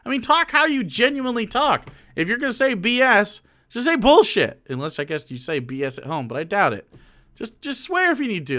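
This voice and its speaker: A man streaming casual commentary into a microphone, loose and profane, swinging between muttered asides and loud rants. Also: high-pitched.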